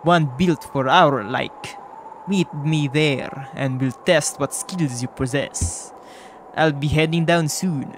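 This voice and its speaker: A man voicing a proud mantis warrior from a video game, with a slow, put-on accent that keeps slipping. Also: a little high, a little hiss or hum. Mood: haughty.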